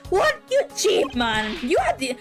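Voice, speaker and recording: A woman's voice: sits high, wildly swooping pitch, unhurried, over music, exaggerated voice. A woman voicing a pushy, wheedling male salesman from a game.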